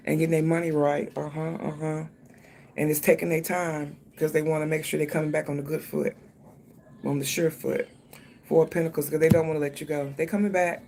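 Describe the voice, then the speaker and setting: Gravelly, swearing, chatty tarot reader. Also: mid-range voice, darkish tone, a little hiss or hum. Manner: loose, thinking aloud, frequent swearing; speaks directly to the viewer. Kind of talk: casual tarot reading.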